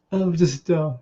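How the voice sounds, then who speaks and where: A man giving a halting, tearful memorial tribute on a video call, laughing through his grief. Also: on the high side, mellow, lo-fi sound. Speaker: grieving husband sharing memories.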